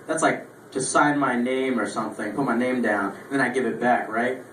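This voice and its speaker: A man's voice: mid-range voice, steady tone, normal speed, fairly bright tone, slight background noise. A young man doing stand-up comedy, telling rambling, profane stories about his week. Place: small lounge stage. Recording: echoey room, voice from far. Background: faint room ambience, audience laughter.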